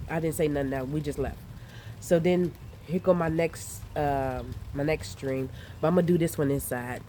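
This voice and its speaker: Profane, animated woman with a mellow voice. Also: low voice, moderate pace, slight background noise. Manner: profane, animated, laughs often. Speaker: vlogger recounting dreams. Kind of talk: casual storytelling. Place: outdoors in light rain. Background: rain and outdoor ambience.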